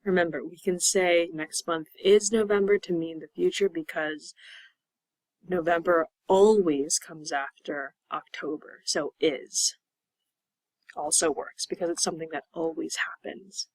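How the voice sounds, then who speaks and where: Woman ESL teacher, patient, slow repetitions, dry close sound. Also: lowish voice, fairly even intonation, no echo, low-quality recording. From Pennsylvania. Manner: patient, drawn-out repetition of words. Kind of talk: slow, clear classroom explanation.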